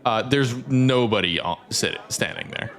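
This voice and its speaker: A man narrating as game master, easygoing and quick to laugh. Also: mid-range voice, lively intonation, fairly bright tone.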